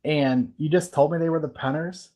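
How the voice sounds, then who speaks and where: A man's voice: fairly high pitch, steady tone, normal speed, dark tone. A man on a fan show panel, talking casually and a little hesitantly. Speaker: guest panelist.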